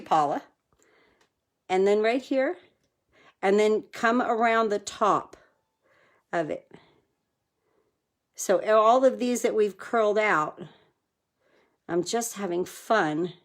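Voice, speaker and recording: A woman's voice: mid-range voice, takes it slowly, pauses often. A woman hosting a live card-making demonstration from her craft room, chatty and enthusiastic, thanking viewers by name as she works.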